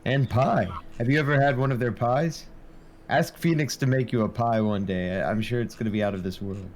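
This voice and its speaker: A man playing a tabletop role-playing game, talking in a hesitant, halting way full of restarts. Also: mid-range voice, steady tone, slight background noise. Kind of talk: casual chat.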